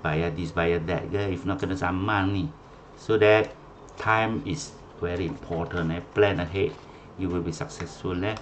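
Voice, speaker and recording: A man with a Malaysian English accent runs an online class over a video call. His voice sits a little low, and he drifts between English and Malay, repeating names and tagging on "eh?". Faint noise hums behind him. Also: a little slow, pauses often. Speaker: teacher.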